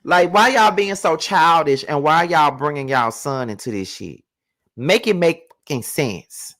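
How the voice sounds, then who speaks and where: Animated, profane man ranting about TV. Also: fairly high pitch, measured pace. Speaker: TV show reviewer. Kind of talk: live reality TV recap and commentary.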